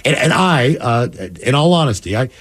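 A man's voice: medium pitch, normal speed. A man telling a funny story in casual podcast chat, laughing and acting out the voices of the people in it. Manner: animated, laughing, acts out quoted voices.

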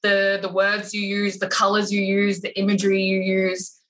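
A woman chatting casually about her photography business, animated and full of filler words. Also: medium pitch, moderate pace, low-quality recording. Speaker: wedding photographer, podcast guest. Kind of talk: casual podcast chat.

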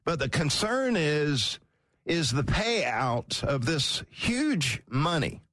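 Brief: middle-aged man, sports radio host, lively delivery, dry close studio sound, a bit higher-pitched. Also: slow pace, dry recording. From Georgia, US. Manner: animated, wry, chatty. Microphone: studio mic.

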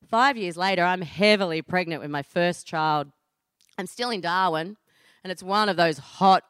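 A woman's voice: lowish voice, fairly bright tone, clear, resonant tone, no room sound, clean studio sound. Earnest Australian woman telling her story. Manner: earnest, heartfelt, deliberate pauses. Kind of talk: personal storytelling performance.

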